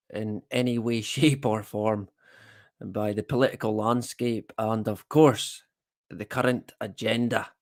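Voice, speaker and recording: Scottish guy chatting on his livestream, laughs at himself a lot, ordinary mid voice. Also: medium pitch. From Scotland. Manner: rambling, self-deprecating, chuckling asides. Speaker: livestream host. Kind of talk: casual livestream chat.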